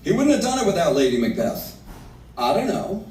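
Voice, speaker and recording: A man teaching a livestreamed literature lesson, animated and reading verse slowly and dramatically. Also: high voice, a little hiss or hum. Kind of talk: livestreamed lecture. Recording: roomy, from far off the mic.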